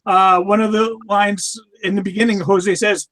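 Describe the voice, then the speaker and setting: A man in a casual podcast chat who speaks haltingly, stumbling and restarting his words. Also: sits high, flat delivery, a bit bright. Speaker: podcast co-host or guest.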